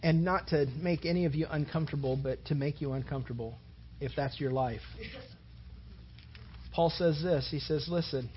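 Brief: male pastor, sermon, husky, fairly high, muffled recording. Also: normal speed, pauses often. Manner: conversational, repeats words, builds to emphatic.

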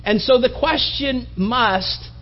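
A man preaching a sermon in an animated, mocking way, building to emphatic appeals. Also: very high voice, slow, dull audio, soft background music. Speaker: pastor.

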